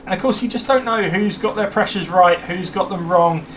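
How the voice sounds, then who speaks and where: A man giving live commentary on a sim race, chatty and excitable when cars overtake. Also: sits high, normal speed, a loud crowd.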